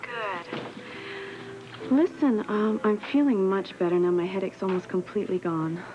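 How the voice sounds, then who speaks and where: Woman doing a soft apologetic wife, muffled old recording, music behind. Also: medium pitch, steady tone, a little slow, lightly acted. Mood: hesitant. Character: gentle young wife, anxious to please. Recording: dull lo-fi tape with music.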